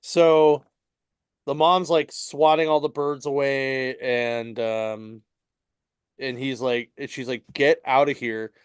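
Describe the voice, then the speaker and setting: A man co-hosts a podcast and recaps a story in loose, rambling chat, with lots of fillers and easy chuckles. His voice is smooth and resonant at a middle pitch. The sound is close and dry. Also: flat delivery, slow pace, dry recording. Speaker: podcast co-host at a comic shop. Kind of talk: casual chat recapping a comic book.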